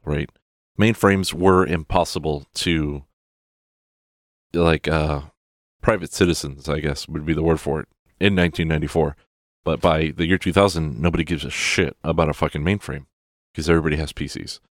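A man's voice: rumbling low, dry recording, studio quality. A man ranting casually about a film, sarcastic and exasperated, swearing often. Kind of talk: profane casual rant.

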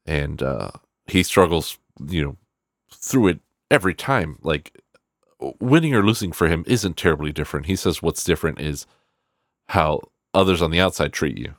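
Very deep-voiced man, dry close mic, loose profane film-review chatter. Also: normal speed, no echo. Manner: rambling, profane, animated quoting of characters. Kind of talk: casual spoken film review.

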